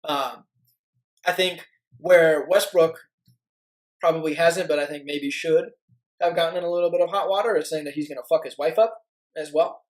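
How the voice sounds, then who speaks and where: A man co-hosting a sports podcast, talking casually and haltingly with lots of "you know" asides. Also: fairly high pitch, fairly even intonation, rough recording. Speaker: podcast co-host.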